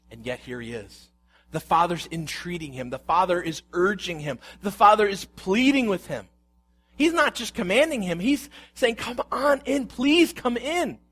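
A pastor with a high, fairly bright voice preaches a sermon, reading scripture aloud and unpacking it through rhetorical questions.

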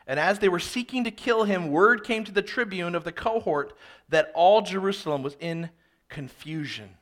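A man preaching an expository sermon, reading scripture aloud and then explaining it with animated, dramatic emphasis. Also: high-pitched, normal speed. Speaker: pastor.

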